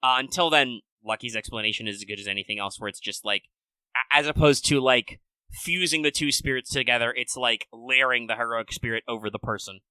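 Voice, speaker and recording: A podcast co-host with a medium-pitched, bright and forceful voice talks fairly quickly in a casual chat. He explains things loosely and ramblingly, saying "like" a lot and swearing casually; the sound is clean, with no room ambience.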